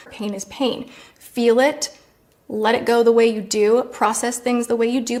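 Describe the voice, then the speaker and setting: A woman talking straight to camera in a vlog with a fairly high voice. She is blunt and emphatic and pushes her points with indignant force. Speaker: influencer.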